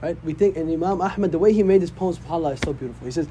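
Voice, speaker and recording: A man's voice: a little high, very fast, hardly any pauses, warm tone, slight background noise. A man, an imam, teaching a casual religious class, often checking in with "right?". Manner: conversational, often asks "right?".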